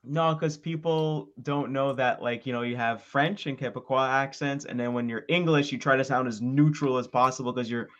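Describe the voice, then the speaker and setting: A man from Montreal co-hosting a casual livestream podcast, chatty and quick to laugh while he explains things. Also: medium pitch, steady tone, dull audio. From Montreal, Canada. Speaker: podcast co-host.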